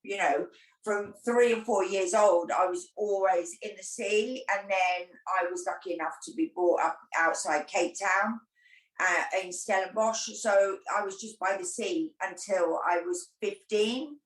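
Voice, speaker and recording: A woman's voice: medium pitch, unhurried, reverberant, recorded from a distance, poor audio. A woman guest with a Cockney accent, originally from Guernsey and South Africa, telling stories in a rambling, chatty way. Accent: London Cockney. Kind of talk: casual chat.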